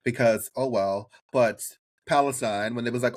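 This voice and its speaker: A man co-hosting a podcast, giving blunt opinions in an animated, casual way. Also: medium pitch, normal speed. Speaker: podcast co-host. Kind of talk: casual chat.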